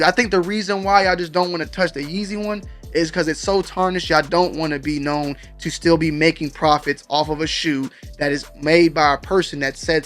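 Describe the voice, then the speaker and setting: Slangy man hosting a sneaker show. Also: on the high side. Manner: slangy, conversational, addresses viewers directly. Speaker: show host. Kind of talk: casual sneaker news commentary.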